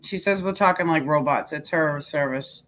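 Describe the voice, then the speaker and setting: A woman's voice: low-pitched, moderate pace, a bit bright, rough recording. Emphatic woman who keeps interjecting. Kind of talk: casual group chat.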